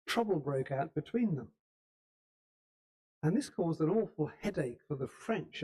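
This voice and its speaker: A man giving a storytelling history lecture in a church hall, unhurried, with small restarts now and then. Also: on the high side, mellow. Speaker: speaker giving a history talk.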